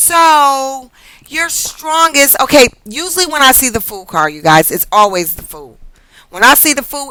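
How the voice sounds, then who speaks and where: A woman's voice: fairly high pitch, sing-song, measured pace, pushed and bright, no room sound, rough recording. A woman reading tarot cards in a casual, rambling vlog, chatty and profane, laughing often and drifting off topic. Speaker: tarot card reader.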